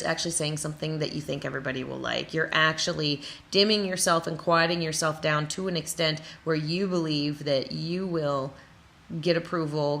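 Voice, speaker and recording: Bright-voiced, emphatic woman from Wisconsin. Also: sits low. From Wisconsin, USA. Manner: emphatic, repeats phrases in lists, playful asides. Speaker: creative coach. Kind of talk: motivational talk to camera.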